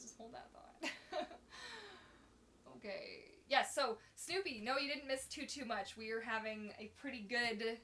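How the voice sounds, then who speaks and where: A woman's voice: mid-range voice, sharp tone. A woman hosting a casual live question-and-answer stream, bubbly and chatty, talking into her phone at her computer. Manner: bubbly, chatty, fillers like "like" and "oh my gosh". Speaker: livestream host.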